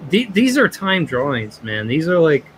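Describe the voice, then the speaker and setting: A man's voice: a little high, big pitch swings, moderate pace, poor audio. A man hosting a livestream, chatting casually and rambling with friends, faint music behind. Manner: rambling, laid-back. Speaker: livestream host. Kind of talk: casual group chat.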